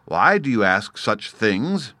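A man's voice: fairly low pitch, big pitch swings, slow pace, sharp tone, dry recording, heavily acted. A man voicing a sly, hungry old male crocodile who coaxes and speaks through his teeth. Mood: coaxing.

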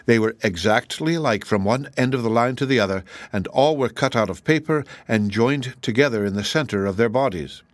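A man narrating a children's book chapter in a steady, measured reading. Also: medium pitch, dry recording. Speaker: audiobook narrator. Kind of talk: scripted narration.

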